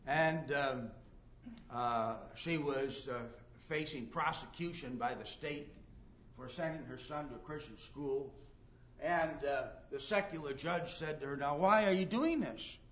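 A man's voice: on the high side, a bit bright, lo-fi sound. A man preaching a sermon emphatically, reading scripture aloud and acting out the people in his stories. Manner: emphatic preaching, reads scripture aloud, acts out quoted dialogue.

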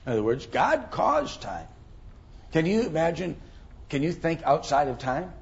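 A man's voice: on the high side, sing-song, moderate pace, creaky, muffled recording. A middle-aged man teaching a Bible class, thinking aloud with many ums and rhetorical questions.

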